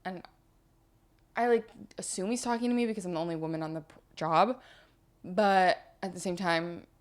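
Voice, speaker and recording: A woman's voice: fairly low pitch, normal speed. A young woman co-hosting a podcast, chatting casually and telling stories with acted-out quotes. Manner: chatty storyteller, acts out quotes. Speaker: podcast co-host. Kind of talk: casual chat.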